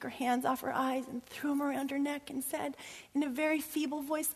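A woman preacher delivering a sermon and closing prayer, dropping to hushed whispers and rising to loud, emphatic passages. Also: sits high, flat delivery, moderate pace. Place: church sanctuary. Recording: long hall reverb.

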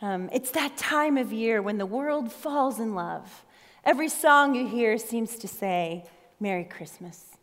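A middle-aged woman pastor giving a chatty Christmas sermon, telling stories with animated asides. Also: a little high, a little slow. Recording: long hall reverb.

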